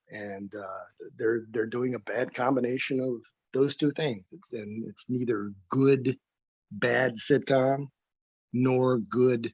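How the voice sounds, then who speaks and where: A man's voice: medium pitch, a little mellow, no echo. Guest, male, sardonic and blunt, self-deprecating jokes; dull, dry remote audio. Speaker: guest author. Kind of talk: casual podcast chat.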